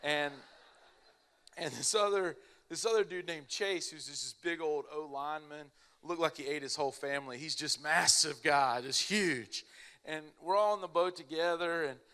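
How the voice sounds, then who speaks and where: Animated man telling a funny story. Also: fairly high pitch, moderate pace, smooth. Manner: animated, laughs through his own story. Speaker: speaker at a church family event. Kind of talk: humorous storytelling to a live audience.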